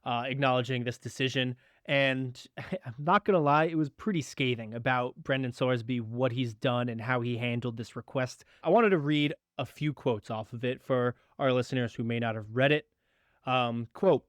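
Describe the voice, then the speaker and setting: A man's voice: mid-range voice, normal speed, dry recording, studio quality. A young man co-hosting a sports podcast with his father, talking earnestly and reading statements aloud. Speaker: podcast co-host, son. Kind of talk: casual sports podcast chat.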